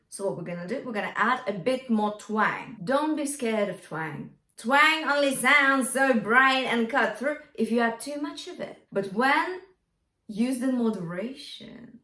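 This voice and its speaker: A woman's voice: on the high side, pushed and bright. A woman vocal coach teaching a singing lesson, often checking in with "yeah?" and singing short lines to demonstrate. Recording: roomy, from a distance.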